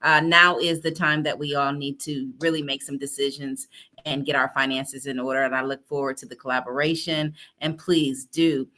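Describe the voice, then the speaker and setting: A woman guest gives upbeat, friendly closing remarks on a talk show. Her voice is low in pitch but bright and sharp. She speaks with easy warmth in her thanks. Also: level tone, normal speed.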